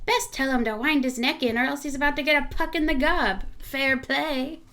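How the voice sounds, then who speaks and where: A woman's voice: high-pitched, animated, moderate pace, fairly bright tone. A woman putting on a wobbly fake Irish accent. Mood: hammy. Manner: reads slang pamphlet in mock accent.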